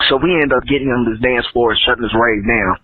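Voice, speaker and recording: Man, caller, rambling profane story, husky voice, tinny phone voicemail. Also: medium pitch, fast talker, no room sound.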